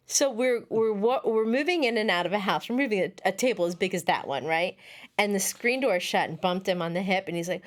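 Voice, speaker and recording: A woman's voice: medium pitch, brisk. A middle-aged woman, a podcast guest, telling family stories in casual chat and acting out the voices she quotes. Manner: animated storyteller, acts out quoted voices.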